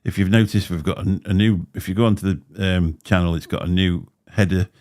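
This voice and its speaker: A man's voice: sits low, fairly even intonation, fairly quick, darkish tone. A man hosting a livestream, chatting in a rambling way with a slight lisp and frequent laughs. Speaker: livestream host. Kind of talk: casual chat. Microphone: desk microphone.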